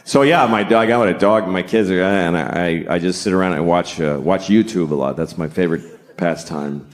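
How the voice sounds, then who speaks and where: A man's voice: sits low, normal speed. A middle-aged man doing stand-up comedy in a sarcastic, profane way, slipping into mocking voices.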